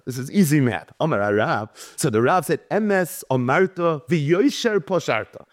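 A Torah teacher with a voice on the high side speaks at a moderate pace with few pauses, recorded at studio quality without room sound. His Talmud lecture moves between reading Hebrew and Aramaic, translating, and lively storytelling in which he performs the quoted speakers.

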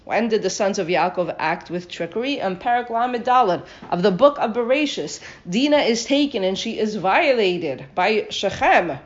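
A woman's voice: medium pitch, expressive, normal speed, few pauses. Woman teacher, verse-by-verse study lesson; dull, lo-fi recording. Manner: reads Hebrew verses, then translates and questions them. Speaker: Torah teacher.

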